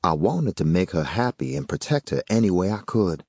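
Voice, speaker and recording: Deep-voiced man narrating an audiobook. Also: a little fast, gravelly, few pauses, dry recording, studio quality. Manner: expressive, storytelling delivery. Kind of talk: first-person audiobook narration.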